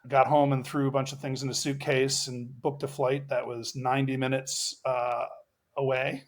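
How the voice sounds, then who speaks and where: A man's voice: medium pitch, little pitch movement, moderate pace. Middle-aged male coach as podcast guest; earnest, reflective storyteller with a medium voice and restarts. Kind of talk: personal storytelling in a podcast interview.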